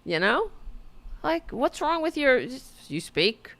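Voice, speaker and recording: A woman hosts a casual political talk show with a gravelly, fry-laden voice that rises and falls a great deal. She talks slowly and sarcastically, mocks her targets and swears freely. The sound is dry and close. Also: sits high, big pitch swings, fairly bright tone, no room sound. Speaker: podcast host.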